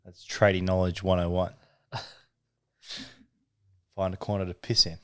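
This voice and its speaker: A man's voice: sits low, little pitch movement, a little slow, bright, forceful tone, clear, resonant tone, no echo, clean studio sound. A young man co-hosting a podcast, chatting casually with lots of swearing and laughter. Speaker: podcast co-host. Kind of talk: casual banter.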